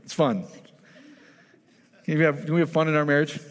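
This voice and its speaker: A man preaching a sermon in a lively storytelling way, acting out the voices of the people he talks about. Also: fairly high pitch, normal speed. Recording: long hall reverb.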